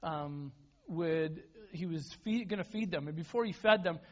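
A man preaches a sermon in a loose, conversational way, often restarting his words. His voice sits fairly high, and the recording sounds dull and lo-fi. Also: normal speed. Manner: conversational, self-deprecating, repeats and restarts words. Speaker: pastor.

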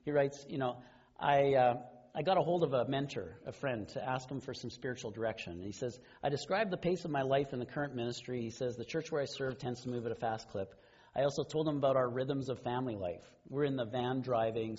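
A man giving a sermon as pastor, speaking conversationally, with quiet asides and the odd chuckle. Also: mid-range voice, slightly rough, highs cut off.

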